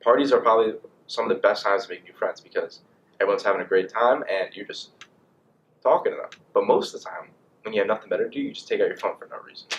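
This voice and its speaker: A man's voice: lowish voice, fast talker, lo-fi sound, a little hiss or hum. Young man rambling casually to camera. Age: young adult. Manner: rambling, animated, lots of fillers. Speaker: vlogger.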